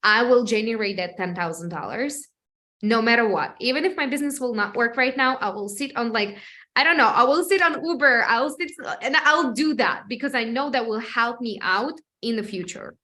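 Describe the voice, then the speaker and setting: Chatty Russian-accented woman, higher voice. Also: normal speed, pushed and bright. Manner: chatty, frequent "like, you know" fillers. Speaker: podcast host. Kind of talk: casual interview chat.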